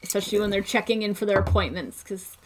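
A woman's voice: mid-range voice, fairly even intonation, fast talker, crowd noise, poor audio. A woman speaking in a casual podcast chat. She mostly adds short, encouraging replies and now and then offers a thought of her own. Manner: brief supportive backchannel replies.

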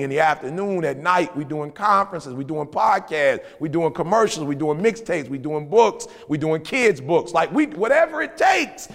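A man's voice: fairly high pitch, gravelly, in a large hall. A man co-hosting a podcast, telling motivational stories in slangy casual talk and acting out other people's voices. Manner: animated storytelling, acts out voices, slangy. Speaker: podcast co-host.

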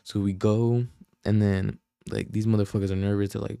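A young man on a podcast tells a story in a casual, slang-heavy way, swearing and often losing his thread. His voice is low, dark and relaxed. The sound is dry and close. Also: fast, vocal fry, clean tone, dry recording. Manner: rambling, slangy, profane, loses his train of thought. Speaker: podcast host.

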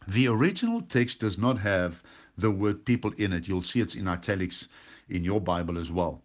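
A man teaching from scripture in a sermon, reading verses aloud and stressing words slowly and emphatically. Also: low voice, expressive. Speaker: pastor. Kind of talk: sermon, Bible study.

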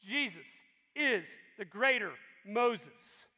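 A male pastor preaching a sermon with animated emphasis. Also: high voice, slow pace. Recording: long reverb in a large hall.

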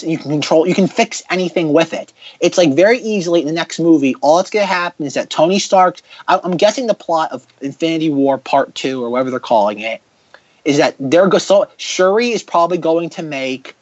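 A man hosting a podcast in casual chat, ranting sarcastically in quick bursts. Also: a little high, no room sound, dull audio. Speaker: podcast host.

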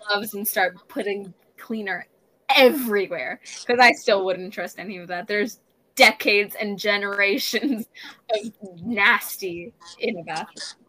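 A young woman co-hosting a podcast in casual chat, excitable and emphatic. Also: mid-range voice, unhurried, no room sound, low-quality recording. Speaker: podcast co-host.

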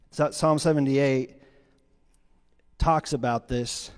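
A man preaching a sermon as pastor, telling stories with lively swings between loud, quick lines and hushed, quiet ones. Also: a little high. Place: church sanctuary. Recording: long hall reverb.

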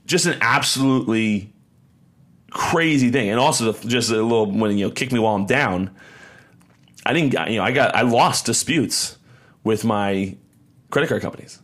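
A man's voice: medium pitch, moderate pace, pauses often, fairly bright tone. A young man hosting a podcast, telling a story in a rambling, casual way, often repeating words and acting out quotes. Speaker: podcast host.

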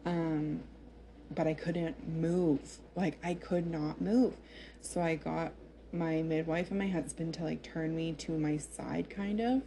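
A woman's voice: low-pitched, steady tone, slow pace, dark tone, slight background noise. A young woman casually recounting her birth story in a chatty, emotional way, with lots of fillers.

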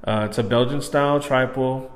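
A man as guest in a casual chat, easygoing and halting, saying bro and man. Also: medium pitch, fairly even intonation, big-room sound, crowd noise. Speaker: podcast guest.

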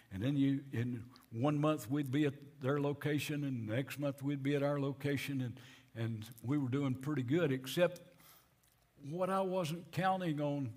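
A man, a pastor telling a story in a sermon, acting out the people he quotes and often repeating words. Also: a little high.

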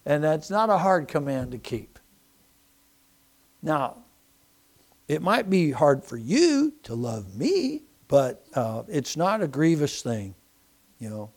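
A man preaches to his congregation in church, his voice sitting high for a man. He talks in a folksy way, tripping over repeated words as he restarts his sentences. He swings from loud emphasis to quiet, hushed asides. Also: sing-song, takes it slowly, long pauses. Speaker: pastor. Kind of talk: sermon.

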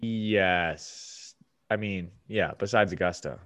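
A man's voice: low-pitched, takes it slowly, a bit bright. Easygoing man, casual podcast chat. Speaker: podcast co-host.

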